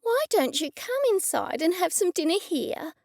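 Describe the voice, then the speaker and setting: A woman reading an audiobook, voicing an excitable, dramatic woman friend who talks in a breathless, high-strung way. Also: normal speed, vocal fry, no echo, studio quality, full character voice.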